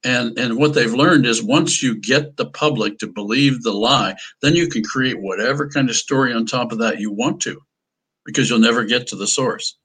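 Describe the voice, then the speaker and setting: A man's voice: medium pitch, moderate pace, fairly bright tone, slightly rough, poor audio. A man in a podcast conversation, speaking earnestly and often restarting his sentences.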